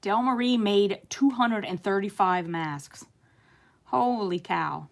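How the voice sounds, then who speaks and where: A woman's voice: medium pitch, slow pace, vocal fry. A middle-aged woman from the United States hosting a casual live stream, chatting with viewers and reading their comments aloud, with frequent laughs and fillers. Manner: chatty, warm-hearted, laughs often, many fillers. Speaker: host reading live chat.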